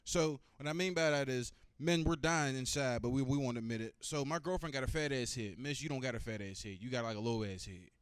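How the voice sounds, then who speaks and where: A man's voice: medium pitch, fairly quick, few pauses, smooth, no room sound. A man doing a stand-up comedy set, talking loosely and profanely and working the crowd.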